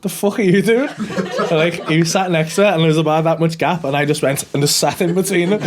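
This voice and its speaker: A man's voice: a little high, very animated, normal speed, background noise. A young British man, a comedian co-hosting a podcast, telling stories in casual chat, sweary and laughing often.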